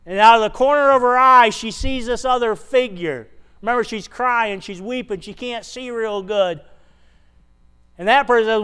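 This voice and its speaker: Male pastor, sermon, high voice, clear smooth tone, storytelling, rhetorical questions. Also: normal speed, pushed and bright.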